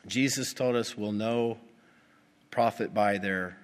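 A male pastor preaching a sermon, animated and putting rhetorical questions to his congregation. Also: on the low side, slow pace. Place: church. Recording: long reverb of a church hall.

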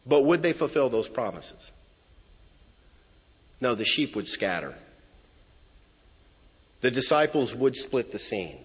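Husky preaching man in a reverberant hall. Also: mid-range voice, slow, pauses often. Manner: expressive preaching with emphatic asides. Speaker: pastor. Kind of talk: sermon. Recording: reverberant hall, dull lo-fi sound.

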